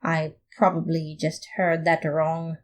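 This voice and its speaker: A woman reading a comic fan story aloud in playful, expressive first-person narration. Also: sits low, slow, slight background noise. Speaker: podfic reader.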